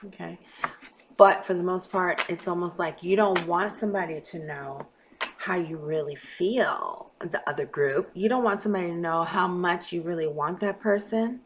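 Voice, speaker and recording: A woman giving a casual astrology and tarot reading to her viewers, talking emphatically and swinging from quiet murmurs to loud bursts. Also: on the low side, moderate pace, highs cut off, slight background noise. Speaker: tarot reader.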